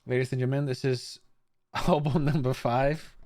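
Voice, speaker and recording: His voice is medium-pitched, steady and darkish, and he takes his time. A young adult from Bulgaria, he chats loosely with his live stream audience, calling out chatters by name, swearing freely and stumbling through restarts.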